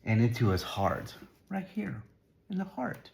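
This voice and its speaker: A man's voice: medium pitch, wildly swooping pitch, unhurried, gravelly, darkish tone. Man reading a picture book aloud. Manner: casual, stops to point at pictures and explain. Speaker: storybook reader.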